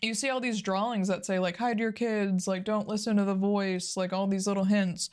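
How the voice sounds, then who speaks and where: A woman who streams games, co-hosting a podcast and chatting casually in a relaxed, matter-of-fact way. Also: mid-range voice, normal speed. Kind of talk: casual chat about a video game.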